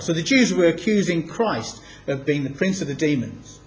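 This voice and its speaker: A man teaching from the Bible, reading passages aloud and slowing down to stress key words. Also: fairly high pitch, animated. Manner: emphatic, slows down to stress quoted scripture. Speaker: preacher.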